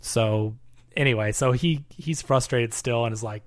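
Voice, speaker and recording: A man's voice: mid-range voice, steady tone, moderate pace, no echo. A man casually recapping a movie plot on a podcast, rambling with many fillers. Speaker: podcast co-host.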